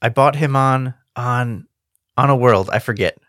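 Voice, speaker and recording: A man's voice: mid-range voice, unhurried, fairly bright tone, no echo, studio quality, close to an everyday voice. Man voicing a wheezy old merchant.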